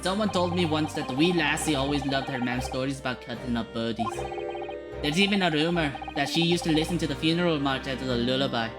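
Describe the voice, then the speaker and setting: A genial older Scottish prison governor, put on by a streamer reading a game aloud, warm and gossipy with his Scots turns of phrase. The accent is a put-on Scottish one, delivered in a voice of middling pitch. Game music plays clearly underneath. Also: brisk, natural voice. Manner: folksy, chuckling, heavy Scots words like laddie, ken, wee bairn.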